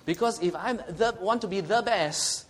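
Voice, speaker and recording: A man's voice: high voice, moderate pace. A middle-aged man with a Singaporean English accent, preaching a sermon in a conversational way, asking the congregation questions and chuckling at his own jokes.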